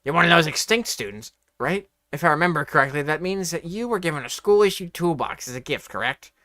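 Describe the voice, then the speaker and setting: A brutish, hot-headed high school delinquent, as a man reading a story puts him on, all loud angry outbursts. The voice sits higher than a plain speaking voice and has a bright, forceful edge. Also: expressive, a little fast, no room sound. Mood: scheming.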